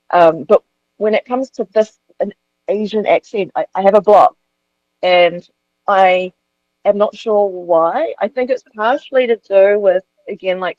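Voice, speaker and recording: A woman's voice: lowish voice, no echo, dull audio. A woman actor telling frankly about her auditions in an interview. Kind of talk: candid interview storytelling.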